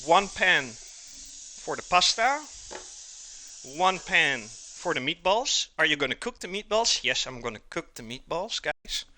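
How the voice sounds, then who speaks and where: A man's voice: on the high side, very animated, a little slow, noisy background. A man hosting a live cooking stream, chatting casually with his viewers, joking, laughing often and answering their messages while he cooks in his kitchen. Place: home kitchen.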